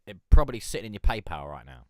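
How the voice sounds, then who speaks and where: A man's voice: on the low side, very animated, fast, dark tone, no room sound, clean studio sound. A man hosting a music review stream, rambling and joking in casual chat. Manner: rambling, joking, swears, laughs a lot.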